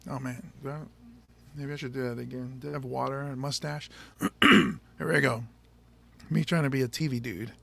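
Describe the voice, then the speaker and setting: A man's voice: mid-range voice, fairly even intonation, moderate pace, creaky, a bit bright, no room sound. A male stand-up comedian chatting casually with his audience, rambling and joking and laughing often. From Samoa. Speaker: stand-up comedian hosting a show.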